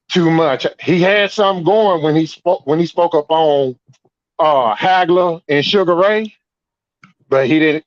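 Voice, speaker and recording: A man's voice: fairly high pitch, no room sound, dull audio. A man calling into a podcast in an easygoing way, tagging his sentences with "man". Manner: easygoing, sprinkles 'man' everywhere. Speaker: caller. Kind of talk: casual call-in commentary.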